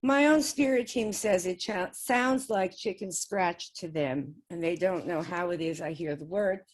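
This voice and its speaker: This interview guest, a woman with a fairly low voice and measured pace, shares a personal story about trying to communicate with spirits. Her manner is casual and chatty, with frequent small laughs between sentences.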